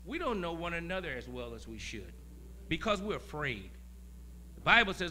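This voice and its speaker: A man preaching as a guest pastor, talking in a conversational way, laughing and swinging from quiet asides to loud emphasis. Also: fairly high pitch, big pitch swings, moderate pace, a little hiss or hum. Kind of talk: sermon.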